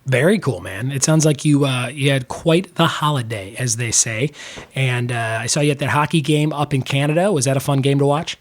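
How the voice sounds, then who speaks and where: A man hosting a podcast, his voice hoarse, chatting casually and upbeat with lots of fillers. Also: medium pitch, brisk, no room sound. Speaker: podcast host. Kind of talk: casual chat.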